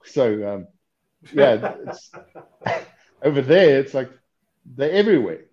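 A man's voice: medium pitch, very animated, slow, a little mellow. A man chatting casually as a podcast guest over a video call, swearing and joking. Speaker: guest knifemaker. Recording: dull lo-fi call audio.

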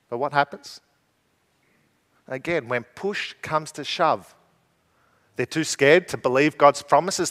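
A man's voice: on the high side, fairly bright tone. A man preaching a sermon in a conversational way, asking his listeners rhetorical questions. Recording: long reverb from a hall.

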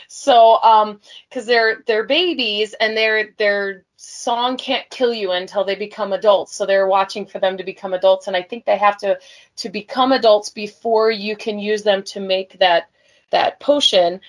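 Slow-talking woman in casual chat. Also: medium pitch, rough recording. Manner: amused, storytelling, laughs a lot. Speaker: podcast co-host. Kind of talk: casual film discussion.

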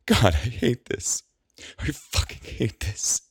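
A man's voice: on the low side, sing-song, a little slow, a little mellow, no room sound, clean studio sound, voice pushed up, heavily acted. A man doing a tearful, shaky young woman. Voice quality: breathy, tearful. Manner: shaky, pleading.

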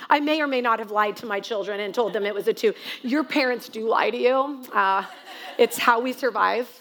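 A woman's voice: on the high side, normal speed, fairly bright tone. A woman guest pastor giving a sermon, telling a story in a chatty, self-mocking way.

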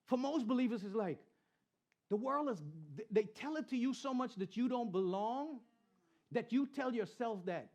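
A middle-aged man preaching a sermon as pastor, animated, repeating phrases and joking with the congregation. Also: extremely high pitch, normal speed. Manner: animated preaching with repetition and crowd banter. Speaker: pastor and Christian rapper.

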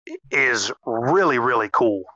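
A man co-hosting a casual anime recap podcast, animated and swearing freely. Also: medium pitch, no room sound, dull audio. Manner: animated, swears freely, acts out characters in quick bursts. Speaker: podcast co-host.

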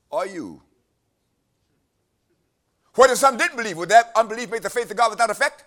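A man's voice: high-pitched, lively intonation, a little fast, pauses often, fairly bright tone. A man preaching a sermon, emphatic and repeating his phrases, trading lines with a scripture reader.

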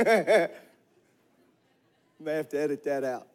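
A man preaching a Sunday sermon, slow and emphatic, repeating phrases and rising to shouts on key words. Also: fairly high pitch, lively intonation. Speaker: pastor. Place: church sanctuary.

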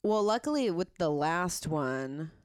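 A woman's voice: on the low side, expressive, a little slow, clean tone, no echo. A young woman in her twenties, a podcast guest telling candid stories in a loose, casual way, with lots of "like" and dry humor. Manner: candid storytelling with heavy filler "like", dry humor.

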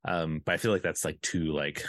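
A man co-hosting a casual podcast, playful and chatty, with rambling asides and loud laughter. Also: sits low, fairly even intonation, brisk, no echo. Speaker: podcast co-host. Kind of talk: casual chat.

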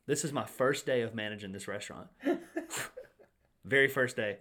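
A young man and restaurant manager in casual chat, telling animated stories, swearing freely and acting out what others said. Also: medium pitch, measured pace.

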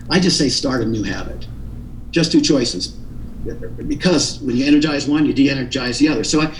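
A man's voice: mid-range voice, echoey room, far from the mic, a little hiss or hum, rough recording. A man being interviewed, explaining his ideas in an earnest, teaching tone with frequent restarts. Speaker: interview guest. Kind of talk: explanatory radio interview talk.

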